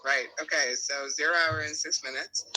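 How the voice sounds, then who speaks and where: A slightly high-voiced man, playful. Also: fairly even intonation, moderate pace, bright, forceful tone, a little hiss or hum, poor audio. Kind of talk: casual group video chat.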